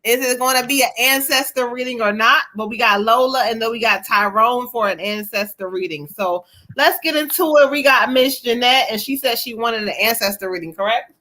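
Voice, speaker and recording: A woman's voice: on the high side, brisk, bright, forceful tone. A woman hosting a live psychic reading stream over a video call, chatty and casual, laughing easily and talking to the viewers. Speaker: host and psychic medium.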